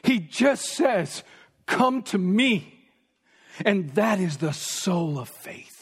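A man preaching a sermon, emphatic and repetitive, sometimes dropping to a hush for stress. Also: high voice, sing-song, takes it slowly, creaky, husky. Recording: long reverb of a large hall.

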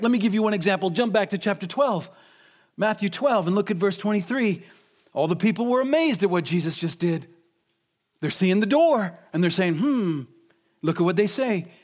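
Man, preacher, sermon, high-pitched voice, emphatic, rhetorical questions, shifting pace. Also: a little mellow.

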